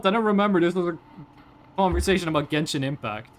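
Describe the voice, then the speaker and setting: A woman's voice: lowish voice, expressive, fast. A woman from Norway, a native Norwegian speaker, ranting in casual livestream chat and swearing freely. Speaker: streamer.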